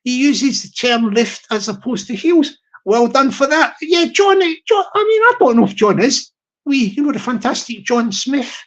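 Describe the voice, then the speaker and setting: A man's voice: very high-pitched, very animated, moderate pace. Upbeat rambling man. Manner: upbeat, rambling, repeats words. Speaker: live-stream host. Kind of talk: rambling live-stream shout-outs.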